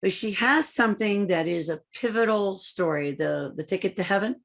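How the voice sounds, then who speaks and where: A woman podcast host introducing her guest in an earnest, measured way over a video call. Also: medium pitch, gravelly. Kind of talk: conversational interview.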